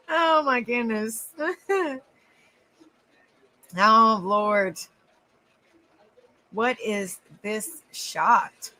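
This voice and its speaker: Southern woman, live-stream host; leisurely pace, slightly high, cheerful and chatty. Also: animated, extremely slow, pauses often, pushed and bright, rough recording. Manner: chatty, giggly, greets viewers by name. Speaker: livestream host. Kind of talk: casual live-stream chat.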